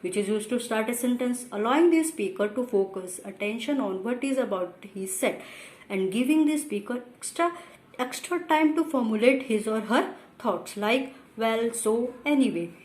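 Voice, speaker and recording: A woman's voice: on the high side, animated, moderate pace, a little mellow. Echoey woman teaching grammar. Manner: reads definitions, then explains with fillers and repeats. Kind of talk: explaining a grammar glossary.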